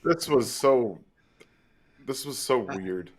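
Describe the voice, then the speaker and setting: A man's voice: medium pitch, lively intonation, slow, breathy edge. A man co-hosting a football film chat, laid-back, laughing along and offering his own theories. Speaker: co-host, football analyst. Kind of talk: casual film breakdown chat.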